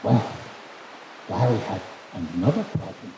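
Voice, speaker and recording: A man telling a story on stage at a live event, animated and theatrical. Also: fairly low pitch, unhurried, roomy sound, noisy background.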